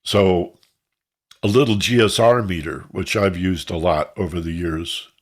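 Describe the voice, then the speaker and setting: Over a video call, a man with a deep, unhurried voice teaches an online class. His explanations ramble informally, and he imitates sounds to get his points across.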